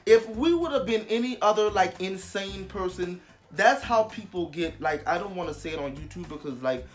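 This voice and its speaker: A young vlogger telling a story casually, animated and emphatic, with heavy swearing. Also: medium pitch, normal speed, soft background music.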